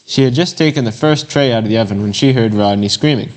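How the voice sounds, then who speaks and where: A man reads a short children's story aloud for a Bible lesson, unhurried and plain, now and then stumbling over a word. His voice sits at an ordinary middle pitch for a man. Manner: plain, unhurried reading aloud with occasional slips and fillers. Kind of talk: reading a children's devotional story and scripture aloud.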